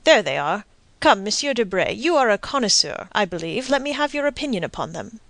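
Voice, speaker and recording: A woman voicing a courteous, scheming nobleman in an audiobook, speaking with polished, quiet irony. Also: mid-range voice, sing-song, a little fast, vocal fry, dry recording. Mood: ironic.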